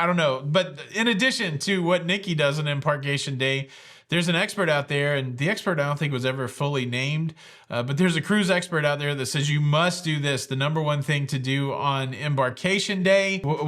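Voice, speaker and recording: A man's voice: a little high, fairly bright tone. Chatty man hosting a cruise vlog. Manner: chatty, rambling, talks straight to viewers. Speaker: cruise news host. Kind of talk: casual vlog commentary.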